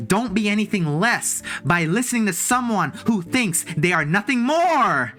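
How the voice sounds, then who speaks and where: A woman's voice: mid-range voice, big pitch swings, normal speed, a bit bright, faint music behind. A woman livestreaming from a room at home, giving casual motivational talk to her chat in an emphatic, playful way with swooping exclamations. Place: room in a house.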